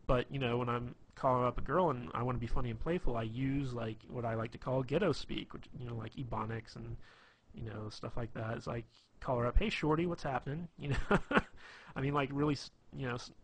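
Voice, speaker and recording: A man's voice: mid-range voice, slight background noise. A man giving casual, rambling advice on being funny, full of fillers and restarts. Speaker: dating advice presenter. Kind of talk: casual instructional talk.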